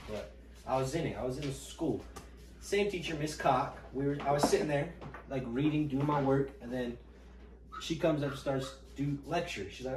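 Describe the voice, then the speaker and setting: A young man tells a lively, profane story on a podcast, playing out the quotes himself. He sounds set back from the mic in an echoey room, with clear noise underneath. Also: medium pitch, distant mic. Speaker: podcast co-host. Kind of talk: casual storytelling chat.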